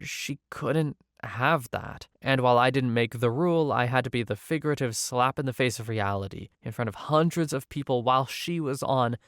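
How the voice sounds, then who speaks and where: A man's voice: mid-range voice, normal speed, few pauses, fairly bright tone, dry recording, clean studio sound. A man reading online stories aloud and adding casual, wry commentary between them. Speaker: story narrator and commentator.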